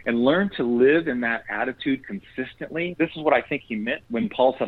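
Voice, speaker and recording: A man talks earnestly about faith, in the manner of a preacher. His voice is husky. He comes through a tinny phone line with a dry sound. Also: mid-range voice, animated, a little fast, few pauses, dry recording. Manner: earnest, preacherly, quotes scripture. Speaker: guest. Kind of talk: faith conversation.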